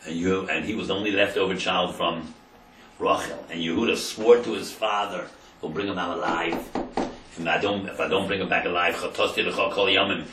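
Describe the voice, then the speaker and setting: A low-voiced man teaches a Torah class as a rabbi. He tells the story and acts out the quotes, dropping to quiet asides and rising to loud emphasis. The sound is roomy and echoey, with a faint background hum. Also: steady tone, brisk, recorded from a distance.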